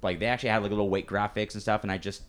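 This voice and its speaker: A man's voice: lowish voice, fairly even intonation, racing. A man co-hosting a podcast in casual chat, rambling with lots of fillers. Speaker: podcast co-host. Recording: noisy recording.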